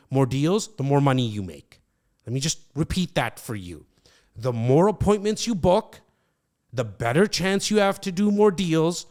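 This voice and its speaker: A man giving blunt sales coaching, acting out both sides of a phone booking call and repeating key points for emphasis. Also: mid-range voice. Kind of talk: coaching monologue with role-played calls.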